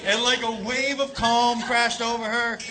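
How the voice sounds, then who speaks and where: A man telling a crude, animated stand-up story on a club stage, shouting his punchlines. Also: extremely high pitch, measured pace. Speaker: stand-up comedian. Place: comedy club stage with laughing audience. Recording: live club recording with crowd noise.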